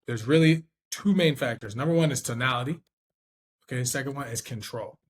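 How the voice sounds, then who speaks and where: A man's voice: medium pitch, a little fast. A man teaching sales as a trainer, in unscripted talk, thinking aloud and checking in with the listener as he goes. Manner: conversational, checks in with "okay?" and "right?"; thinks aloud with restarts, demonstrates tones.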